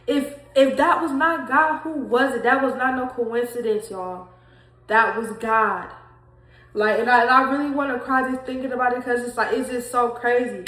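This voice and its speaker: A woman's voice: fairly high pitch, steady tone, moderate pace, a bit bright, soft background music. A young woman telling a faith testimony to her viewers, emotional and talking straight to them, repeating herself. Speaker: vlogger sharing a faith testimony. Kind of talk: casual testimony vlog. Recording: echoey room.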